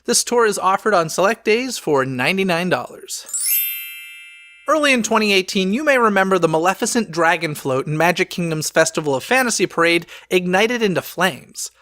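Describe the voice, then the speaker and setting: A man reads a scripted news roundup for his podcast, upbeat and quick with a wry, sarcastic streak. His voice sits high and sounds bright and forward. It is recorded close on a mic in a dry space with no echo. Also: expressive.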